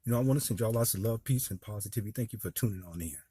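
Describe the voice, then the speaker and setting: Husky, emotional man in his fifties. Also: fairly low pitch, racing, mellow, dry recording, clean studio sound. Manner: earnest, speaks straight to his viewers. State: emotional, voice dropping low. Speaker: vlogger and father. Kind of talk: heartfelt personal talk to viewers.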